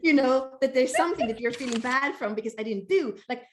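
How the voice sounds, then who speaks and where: A woman's voice: high-pitched, quick pace, noisy background. A woman co-hosting a casual podcast, explaining ideas steadily with frequent "like". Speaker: co-host, teacher.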